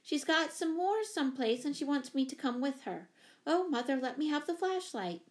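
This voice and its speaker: A woman voicing an excitable young girl who pleads eagerly in a storybook reading. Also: fairly low pitch, normal speed, pitched below the performer's own voice.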